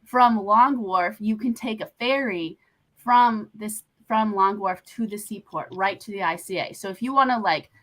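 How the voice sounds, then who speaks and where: A woman's voice: medium pitch, moderate pace, a bit bright, rough recording. A woman guest on a video call, chatting upbeat and often using the word "like". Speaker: panel guest. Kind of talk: casual chat on a video call.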